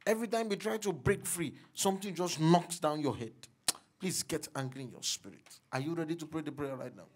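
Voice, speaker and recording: A man's voice: fairly high pitch, lively intonation, brisk, a little mellow, husky. A man, a pastor leading a church congregation in fervent, repetitive prayer. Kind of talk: sermon prayer session. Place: church hall.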